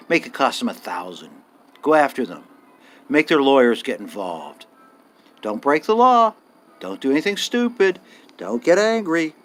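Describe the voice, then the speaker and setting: A man's voice: medium pitch, fairly bright tone. An older man delivering a blunt, indignant monologue as a vlogger, swearing freely and pressing his points with rising emphasis. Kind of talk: casual ranting monologue.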